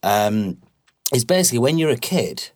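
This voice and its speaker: A man's voice: medium pitch, big pitch swings, normal speed. A man chatting casually as a guest, jokey and rambling with many restarts. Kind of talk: casual chat.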